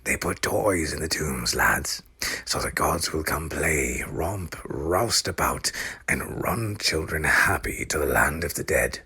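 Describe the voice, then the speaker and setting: A man puts on a sly, mysterious old guide in a storybook, talking mostly in a breathy, hushed whisper with a gravelly edge. He sits higher than a plain bass, and his low hiss is bright. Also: very animated, slow pace, exaggerated voice.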